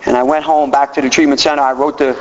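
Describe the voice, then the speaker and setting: A man telling a personal recovery story to a meeting in animated storytelling, often repeating his words. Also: mid-range voice, fast talker, a little hiss or hum. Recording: echoey hall, dull lo-fi sound.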